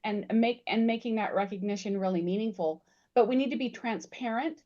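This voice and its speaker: A woman's voice: on the high side, brisk, mellow. Earnest woman panel guest, emphatic, repeats herself mid-thought, muffled audio. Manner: earnest and emphatic, repeats words while building points. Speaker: guest speaker on employee recognition. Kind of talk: panel discussion storytelling.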